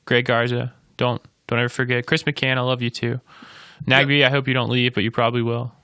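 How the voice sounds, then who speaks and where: Bright-voiced man joking about soccer. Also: medium pitch, little pitch movement, fairly quick, clear, resonant tone, no echo, clean studio sound. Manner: rambling, joking, many restarts. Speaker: podcast co-host. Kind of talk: casual chat.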